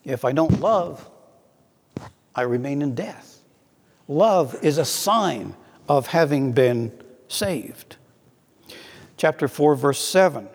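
A man preaching a sermon in an earnest way, slowing down to read scripture aloud. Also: a little high, expressive, husky, in a large hall.

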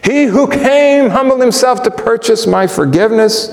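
A man's voice: extremely high pitch, normal speed, vocal fry, voice pushed up. A preacher voicing a humble old apostle who pleads his questions in disbelief. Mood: incredulous. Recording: long reverb of a church hall.

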